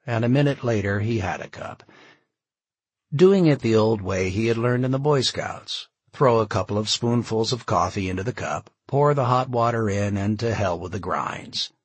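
A man narrating an audiobook in an expressive, measured storytelling manner. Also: lowish voice, slightly rough, no echo.

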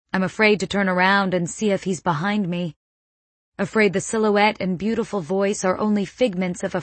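A woman reading a first-person novel as an audiobook narrator, in a measured, suspenseful manner on a close mic. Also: mid-range voice, dry recording.

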